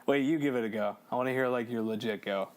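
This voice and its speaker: A man co-hosting a podcast in casual chat, excitable, swearing and laughing as he talks through a game. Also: medium pitch, quick pace. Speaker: podcast co-host.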